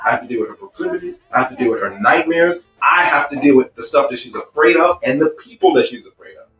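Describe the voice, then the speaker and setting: A man's voice: fairly high pitch, expressive, fast talker, fairly bright tone, roomy sound, distant mic, faint music behind, poor audio. A man teaching a marriage seminar in an emphatic, repetitive way, building points with personal stories. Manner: emphatic and repetitive, stacking phrases. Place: seminar room.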